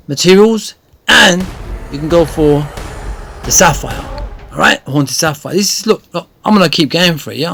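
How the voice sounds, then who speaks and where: A man giving chatty, rambling gameplay tutorial commentary that often turns excited. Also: on the high side, creaky, slight background noise. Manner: chatty, rambling with many fillers, grows excited. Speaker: gaming video creator.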